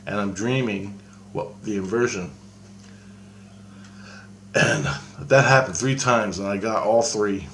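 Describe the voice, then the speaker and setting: A man with a fairly low voice tells a long personal story in a loose, casual way. He stops, restarts and circles back often, dropping in the odd swear word, with a faint hum under the recording. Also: fairly bright tone. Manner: rambling and halting, with frequent restarts and casual swearing. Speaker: storyteller recounting a personal experience. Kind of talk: casual spoken anecdote.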